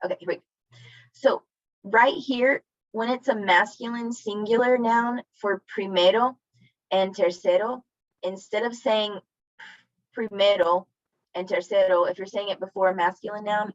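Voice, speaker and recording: A woman's voice: mid-range voice, dry recording, lo-fi sound. A woman teaching a Spanish class over a video call, explaining grammar in a friendly, chatty way and often apologizing. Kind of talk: online class lesson.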